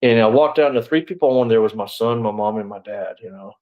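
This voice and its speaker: A middle-aged man speaks in a low voice, telling his story in a loose, rambling way. He is blunt and throws in "you know" and restarts often. He sounds like an interview guest recounting events at length. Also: fast, narrow, tinny audio. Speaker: interview guest, former sheriff's deputy.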